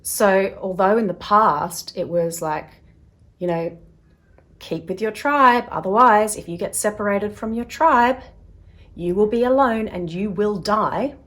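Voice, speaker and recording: A woman's voice: medium pitch, measured pace. A woman hosting a self-help video, talking casually to camera and acting out little voices as she explains. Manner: chatty, acts out little voices in quotes; drops to a soft, quiet tone at times.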